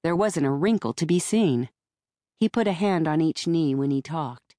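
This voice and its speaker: Low-voiced woman narrating wryly. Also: lively intonation, moderate pace, mellow, dry recording. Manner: dry, wry storytelling. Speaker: audiobook narrator. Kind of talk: scripted first-person narration. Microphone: close studio mic.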